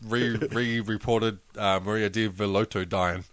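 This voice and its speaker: A man's voice: on the low side, steady tone, unhurried, a bit bright. A man with an Australian accent, chatting casually as a podcast co-host, swearing freely and laughing at his own jokes. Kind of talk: casual chat.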